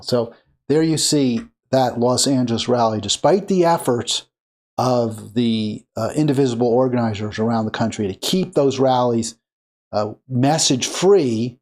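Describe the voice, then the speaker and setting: A man's voice: mid-range voice, darkish tone. A man from Maryland hosting a political commentary show, talking casually and rambling with many fillers and restarts. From Maryland, USA.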